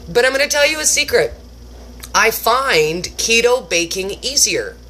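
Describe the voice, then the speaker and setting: Bright, animated woman vlogger. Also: on the low side, a little hiss or hum. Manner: animated and self-mocking, acts out her own past reactions in exaggerated voices. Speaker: cooking vlogger. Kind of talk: casual chatty talk to camera.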